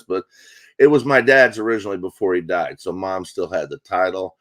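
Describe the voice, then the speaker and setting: A middle-aged man telling a long comic story on a talk show, swearing freely and acting out quotes in a deadpan way. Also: low voice, brisk. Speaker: comedian guest. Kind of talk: profane storytelling.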